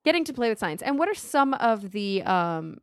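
A woman's voice: fairly high pitch, big pitch swings, normal speed, clean tone, dry recording, clean studio sound. A woman hosting a podcast, talking in an upbeat, chatty way as she thanks supporters and introduces her guest. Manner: upbeat, chatty, reads sponsor thanks and promos. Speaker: podcast host. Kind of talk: casual podcast chat.

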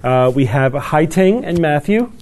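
A man's voice: fairly high pitch, lively intonation, measured pace, heavy background noise. A man hosting a live panel, upbeat and joking. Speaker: host. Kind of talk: live podcast banter. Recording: live crowd audible.

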